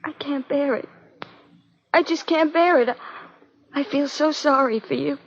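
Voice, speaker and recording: A woman's voice: sits high, unhurried. An actress playing a tearful young woman, crying as she speaks. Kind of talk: 1950s radio drama acting. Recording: dull lo-fi old radio broadcast.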